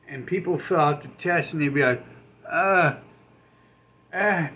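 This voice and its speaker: A man on a rambling, mocking rant, swearing freely. His voice sits a bit high, and a faint hiss of background noise runs under the recording. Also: a little fast, fairly bright tone. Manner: sarcastic, mocking, puts on voices of others; profane, rambling. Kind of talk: ranting monologue.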